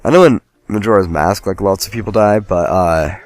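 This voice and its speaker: Man, let's play host, casual rambling commentary, self-deprecating jokes, low voice, dry sound. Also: moderate pace, no room sound.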